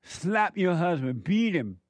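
A man's voice: sits high, very animated, slow pace, dry recording, voice pushed up, full character voice. A man voicing the devil as a sly, coaxing tempter, in a dry recording.

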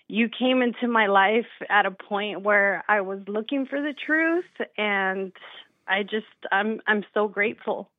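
A woman's voice: on the high side, no echo. Emotional woman caller on a tinny phone line. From California. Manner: emotional, grateful, giggly. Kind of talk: phone call to a radio show.

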